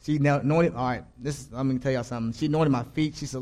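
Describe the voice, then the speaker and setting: Young male choir leader, mid-pitched voice, loose rambling testimony delivery that drops to a hush for his quoted thoughts. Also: fairly even intonation, fast talker. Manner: casual, rambling, restarts, quotes his own thoughts in a hushed voice. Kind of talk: personal faith testimony.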